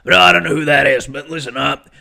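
A man's voice: a little high, fast, vocal fry, sharp tone, exaggerated voice. A young man imitating a bellowing conspiracy ranter. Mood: ranting. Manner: bellowing, rambling and paranoid. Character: loud ranting middle-aged male conspiracy broadcaster.

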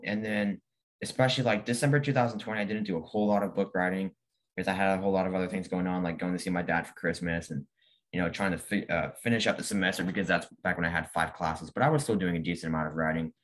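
A teenage boy talks casually as an interview guest. His voice sits a little low for his age, and he speaks animatedly, often putting on the voices of people in his stories. He laughs readily as he goes. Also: steady tone, fast. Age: late teens. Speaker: guest, young author.

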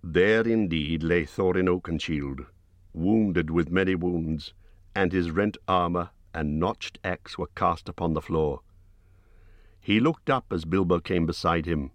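A man reading an audiobook in a slow, measured narration. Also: deep voice, no room sound.

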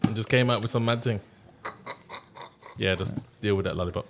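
A man's voice: on the low side, brisk. Teasing man on a noisy mic. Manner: teasing, asks pointed questions. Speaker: podcast co-host. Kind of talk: casual podcast banter. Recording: clear background noise with clicks.

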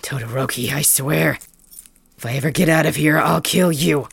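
A woman's voice: low-pitched, moderate pace, vocal fry, husky, dry recording, clean studio sound, heavily acted. Woman doing snarling captive dragon king Bakugo. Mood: defiant pain. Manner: defiant, snarling, pained grunts. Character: proud, angry young male dragon king, captive. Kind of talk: ASMR audio role-play.

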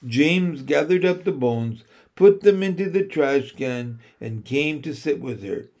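Slow, measured male storybook reader. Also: a little high, lively intonation, a little mellow. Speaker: audiobook reader. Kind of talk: scripted narration.

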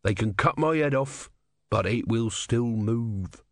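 A gloomy, worried sea captain, as an audiobook reader voices him. He talks anxiously and secretively. The voice swings lively up and down. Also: mid-range voice, takes it slowly, no echo, clean studio sound. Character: gloomy worried middle-aged ship captain. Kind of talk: audiobook character voice.

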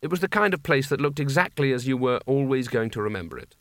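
A man reading a comic fantasy audiobook in a measured, wry voice. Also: medium pitch, animated, a bit bright, no room sound, studio quality. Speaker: audiobook narrator. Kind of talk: scripted narration.

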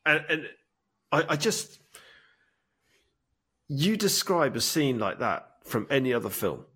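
Animated man retelling a film. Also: medium pitch, takes it slowly, slightly rough. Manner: enthusiastic storytelling, acts out film lines. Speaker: podcast co-host. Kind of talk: casual chat.

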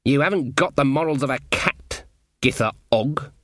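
A man voicing a stern, sharp-tongued old female witch with a dry, scolding manner, in a storybook reading. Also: on the high side, big pitch swings, measured pace, no room sound, voice pushed up, heavily acted.

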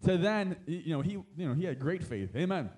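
Male pastor, sermon, quick delivery, higher voice, casual amens and asides. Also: expressive, darkish tone. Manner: conversational preaching with frequent amens and asides; rises to emphatic exhortation.

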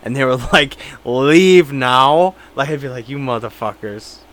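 A man's voice: medium pitch, expressive, measured pace, a bit bright. A man co-hosting a podcast in casual chat, joking and laughing, acting out little mock conversations. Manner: joking, laughs often, plays out mock dialogue. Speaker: podcast co-host.

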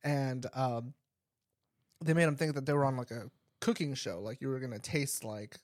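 Over studio-quality audio with no room sound, a young man co-hosting a podcast rambles through a casual story, saying "like" a lot and laughing frequently. He has a mid-range voice and a moderate pace.

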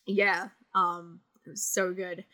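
A woman hosting a podcast in casual chat. She tells stories in an animated way and swears freely. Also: on the low side, takes it slowly, no echo. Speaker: podcast host.

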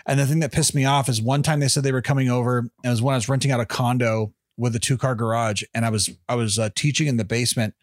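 A man's voice: mid-range voice, fairly even intonation, fast, few pauses, no echo, clean studio sound. A man co-hosting a podcast, swearing often and telling stories in casual chat. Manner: profane storyteller, acts out quotes in raised voices. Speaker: podcast co-host.

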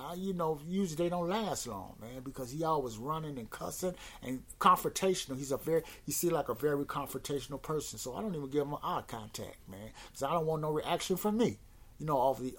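A man's voice: a little high, slightly rough. A man hosting his own podcast, telling stories in a rambling, repetitive and exasperated rant. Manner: rambling, repeats words, exasperated. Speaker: podcast host. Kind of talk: casual monologue rant.

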